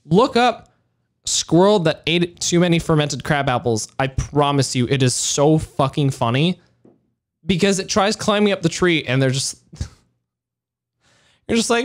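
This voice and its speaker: Animated swearing podcast guy. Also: on the high side, normal speed. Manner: animated storyteller, laughs often, swears. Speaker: podcast co-host. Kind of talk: casual chat.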